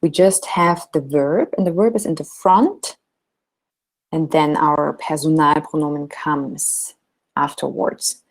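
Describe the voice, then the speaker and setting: Woman, teacher, patient, low voice, slow. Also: fairly even intonation, rough recording. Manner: patient, explains slowly, models German sentences. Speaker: German teacher. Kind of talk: online language lesson.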